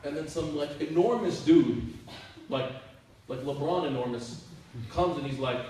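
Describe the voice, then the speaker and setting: A man speaks to a youth group as their minister, in a loose, chatty storytelling way full of "like" and "you know". His voice sits a bit high for a man. He sounds set back from the mic in a very echoey room, with a faint hiss underneath. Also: unhurried, long pauses, mellow, recorded from a distance. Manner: casual, chatty, many "like" fillers.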